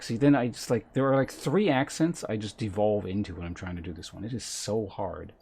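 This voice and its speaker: A man with a low, gravelly voice chats quickly as he plays a game on stream. His tone is husky and self-mocking, and he jumps from thought to thought. The delivery is loose and casual. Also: darkish tone.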